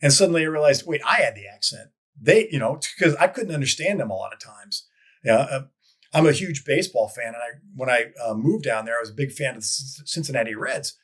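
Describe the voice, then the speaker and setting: A man telling stories as a guest in a casual interview, rambling with frequent restarts and lively quoted voices. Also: mid-range voice, fast talker. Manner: rambling with many restarts, animated quoting. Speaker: guest, advertising copywriter. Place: lives in Dallas.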